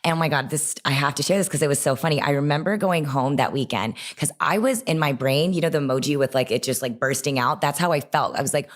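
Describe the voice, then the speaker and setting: Young woman, low voice, chatty storytelling guest, animated and quick to say "like". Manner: animated, lively, full of "like". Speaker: guest, online creator. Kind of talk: personal storytelling in a conversation.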